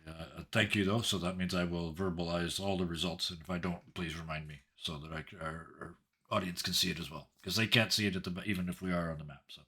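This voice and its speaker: A man playing a tabletop game in relaxed, casual chat, laughing often. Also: sits low, fast, breathy edge. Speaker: player.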